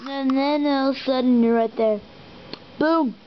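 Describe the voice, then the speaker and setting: A woman's voice: high-pitched, fairly even intonation, normal speed. A woman telling an improvised, goofy story in a rambling way, addressing the listener as you. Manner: rambling, goofy, second-person narration. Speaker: host. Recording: dull lo-fi recording with loud hiss and clicks.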